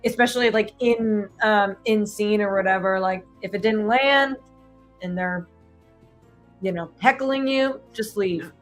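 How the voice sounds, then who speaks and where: A co-host with a fairly high voice chimes in with quick, agreeable comments in casual livestream chat. Faint music sits in the background. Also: a bit bright.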